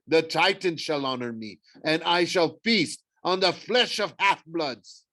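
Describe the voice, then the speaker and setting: A man's voice: fairly high pitch, a little slow, sharp tone, dry recording, pitched above the performer's own voice. A man voicing a hungry, boastful male monster with a heavy French accent, reading an audiobook. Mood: gloating. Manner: sneering, boastful.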